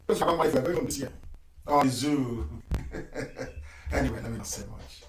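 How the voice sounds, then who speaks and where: A man's voice: on the high side, quick pace, pauses often, fairly bright tone, echoey room, faint music behind, rough recording. A middle-aged man with a Nigerian accent giving a live broadcast address, emphatic, repeating his phrases and chuckling between lines.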